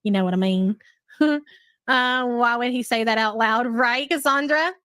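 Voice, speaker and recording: Gossipy, chatty woman co-host; a bit high-pitched, dry close sound. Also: unhurried, fairly bright tone, dry recording. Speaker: live stream co-host. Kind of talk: casual chat.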